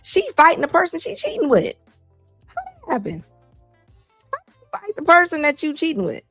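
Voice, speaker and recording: A woman hosting a show where she reacts to clips, with animated, incredulous, slangy commentary. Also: sits high, normal speed, no room sound, studio quality, soft background music.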